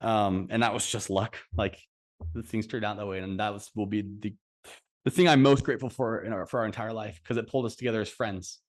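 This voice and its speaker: A young man in his twenties giving a funeral tribute for his brother, telling stories warmly with fillers and restarts. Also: fairly low pitch, steady tone, a little fast. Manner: heartfelt storytelling with fillers and restarts. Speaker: eulogy speaker, brother. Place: funeral service.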